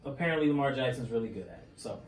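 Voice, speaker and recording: A man's voice: mid-range voice, lively intonation, rapid-fire. A young man co-hosting a casual podcast, talking bluntly with lots of swearing and laughter. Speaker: podcast co-host. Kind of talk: casual chat. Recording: roomy, distant mic, faint background noise.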